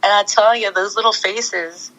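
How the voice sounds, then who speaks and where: A woman's voice: medium pitch, steady tone, moderate pace, pushed and bright, rough recording. A middle-aged woman chatting as an interview guest, gushing and laughing often as she talks. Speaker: guest, former pro wrestler. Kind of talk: casual interview chat.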